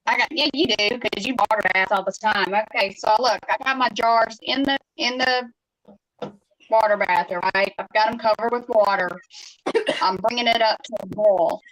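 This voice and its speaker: A woman's voice: a little high, normal speed, a bit bright, dry recording, low-quality recording. Chatty woman with a dry close sound. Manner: direct, chatty questioner. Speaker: livestream participant asking questions. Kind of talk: casual livestream chat.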